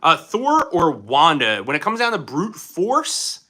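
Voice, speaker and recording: A man's voice: a little high, wildly swooping pitch, unhurried, bright, forceful tone. A young man hosting a casual live stream from his home, joking as he answers chat questions.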